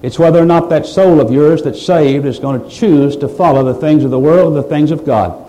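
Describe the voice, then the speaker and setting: A man's voice: fairly high pitch, a little fast, warm tone, low-quality recording. A man preaching a sermon, pressing his listeners with rhetorical questions and building to emphatic, raised passages. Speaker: pastor.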